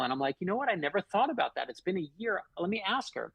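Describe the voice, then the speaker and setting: Gravelly man telling stories animatedly. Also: high-pitched, fast, hardly any pauses, no room sound, poor audio. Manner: animated storyteller, acts out quoted dialogue. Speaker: guest author. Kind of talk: storytelling in a radio interview.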